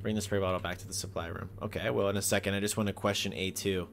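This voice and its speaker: A man giving casual joking commentary while playing a horror game, talking to his viewers with sudden yelps and shouts. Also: low-pitched, level tone, fast talker, creaky. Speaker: gaming video host. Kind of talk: casual let's-play commentary.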